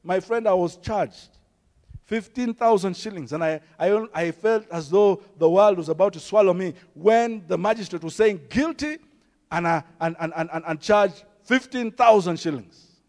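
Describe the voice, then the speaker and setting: A man with a Kenyan accent, a pastor preaching a sermon with emphatic rises, soft drops and storytelling. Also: sits high, moderate pace. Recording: long hall reverb.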